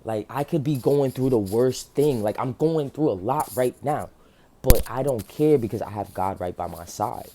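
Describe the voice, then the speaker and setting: A man's voice: mid-range voice, normal speed, mellow, slight background noise. A man giving an earnest, passionate faith talk to his viewers, close to tears and full of "like" fillers. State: near tears. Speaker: faith vlogger. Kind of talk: emotional motivational monologue.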